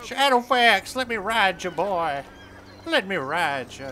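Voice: mid-range voice, sing-song, slow pace, bright, forceful tone. A gameplay host giving playful let's-play commentary, goofing around and role-playing the game's farmer with mock drama. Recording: noisy home recording.

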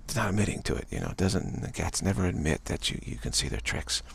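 A man giving a rambling, gentle spiritual talk, full of repeated phrases and "you know.". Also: deep voice, sing-song, fast talker, creaky, a little hiss or hum. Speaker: spiritual speaker.

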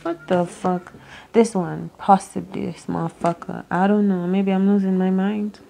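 A woman's voice: mid-range voice, fairly even intonation, normal speed, vocal fry, dark tone, a little hiss or hum. A woman doing an unscripted tarot reading to camera, musing aloud, rambling and swearing as she goes. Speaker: tarot reader.

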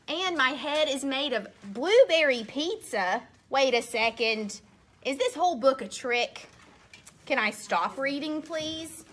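A woman's voice: high voice, measured pace, a bit bright, a little hiss or hum. A woman reading a children's book aloud, playfully acting exasperated and making silly sounds. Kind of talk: picture-book read-aloud.

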